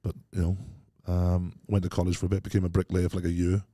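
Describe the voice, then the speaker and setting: Fast-talking deep-voiced man. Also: completely flat delivery, warm tone, no echo, clean studio sound. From Wales. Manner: chatty, laughs often, says "mate" a lot. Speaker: guest, strongman and former soldier. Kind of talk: casual interview chat.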